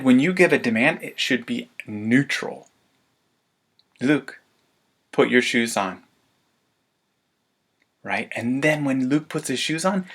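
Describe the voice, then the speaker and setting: Gravelly-voiced man coaching parents. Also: mid-range voice. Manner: lively, laughs often, acts out parent demands. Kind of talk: webinar presentation.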